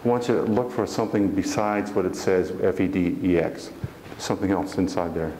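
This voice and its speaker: This man, a motivational speaker before a live audience, is earnest and folksy and keeps asking the crowd questions. He talks briskly in a low, dark, steady voice, and the church-hall recording is echoey and distant with slight background noise.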